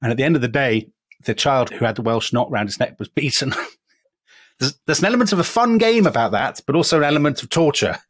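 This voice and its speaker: A man's voice: mid-range voice, lively intonation, quick pace, fairly bright tone, dry recording. An English man co-hosting a history podcast, telling a story in a chatty, self-deprecating way with many asides. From England. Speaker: podcast co-host.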